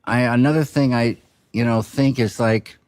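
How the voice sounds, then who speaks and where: A film director teaching a class, musing in a halting way with many pauses and restarts. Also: male voice, mid-range voice, fairly even intonation, a little mellow, dry recording. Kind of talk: reflective instructional talk.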